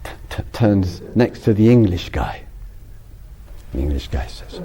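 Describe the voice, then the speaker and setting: A man's voice: low voice, very animated, a little slow, long pauses, warm tone, a little hiss or hum. A man giving a casual spiritual talk, rambling with frequent restarts and laughter. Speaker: spiritual teacher.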